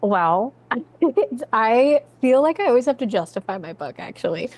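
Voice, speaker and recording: A woman's voice: on the high side, very animated, unhurried, a little mellow. A Canadian woman chatting as a guest on a podcast about her book. She talks loosely and self-deprecatingly, breaking into easy laughter between thoughts. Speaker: guest author. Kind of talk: casual podcast chat.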